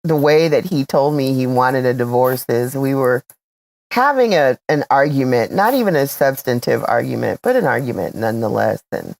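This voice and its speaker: A woman co-hosting a casual chat, telling a personal story in a measured, reflective way. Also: a bass voice, lively intonation, gravelly, darkish tone. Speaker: podcast co-host.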